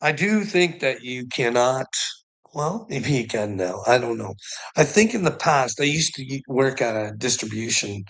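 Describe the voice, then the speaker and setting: A man's voice: medium pitch, lively intonation, moderate pace, fairly bright tone, husky, low-quality recording. A Canadian man ranting casually to his viewers, rambling and profane, with frequent chuckles. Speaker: vlogger.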